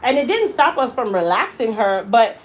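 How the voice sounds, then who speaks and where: At a normal speed and with a fairly high pitch, a young adult woman tells an emotional personal story, animated as she acts out the voices she quotes. She is a hairstylist who owns her own salon, and the recording is rough.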